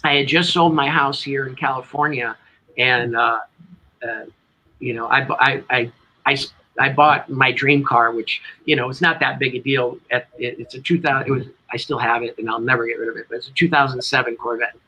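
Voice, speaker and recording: Bright-voiced New England man telling stories. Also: medium pitch, brisk, low-quality recording. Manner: animated, rambling storyteller. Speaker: guest, tribute band singer. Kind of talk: casual interview storytelling.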